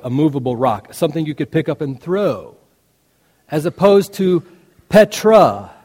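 A man delivers a sermon in a lively, storytelling way. His pitch rises and falls widely as he quotes the characters, pushing harder on the key lines. His voice rings out in a long hall reverb. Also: breathy edge. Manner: animated storytelling preacher, quoting dialogue with rising intensity. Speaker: preacher.

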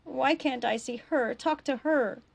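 A woman's voice: medium pitch, fairly even intonation, moderate pace, vocal fry, no echo, close to an everyday voice. A woman voicing a grieving, desperate young Kiowa man who pleads through sobs as she reads her story aloud. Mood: sobbing plea. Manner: pleading, close to sobbing.

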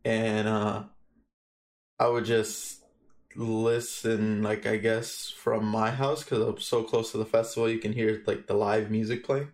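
A man's voice: fairly low pitch, unhurried. A young man from Guatemala, a podcast guest, telling a story casually with lots of swearing and acted-out quotes. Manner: animated storytelling, heavy swearing, acts out quotes.

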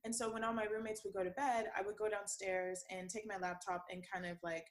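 A woman's voice: mid-range voice, little pitch movement, fairly quick, rough recording. A young woman chatting casually on a podcast, rambling through her thoughts with lots of fillers and frequent laughter.

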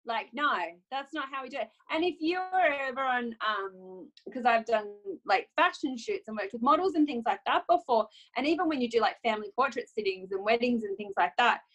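A young adult woman photographer talking casually, lively and often acting out quoted self-talk with laughs. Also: fairly high pitch, rough recording. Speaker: photographer guest. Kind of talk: casual conversational chat.

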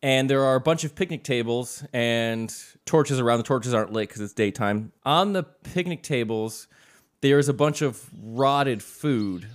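A man's voice: mid-range voice, a little slow. Man narrating as game master. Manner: relaxed, chuckling descriptive narration.

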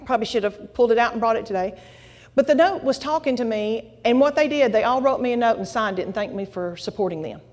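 A middle-aged woman giving a folksy, animated testimony to a church congregation. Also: a little high, quick pace. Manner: folksy, animated storytelling, addresses audience as y'all. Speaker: guest speaker at church. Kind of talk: testimony sermon. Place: church sanctuary. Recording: long hall reverb.

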